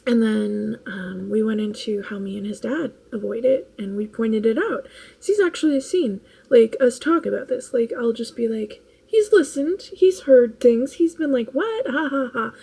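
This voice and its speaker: Woman vlogger, tired, casual rambling chat, gravelly, husky, slightly high. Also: normal speed, warm tone, rough recording. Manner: rambling, laughs often, restarts. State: tired late at night.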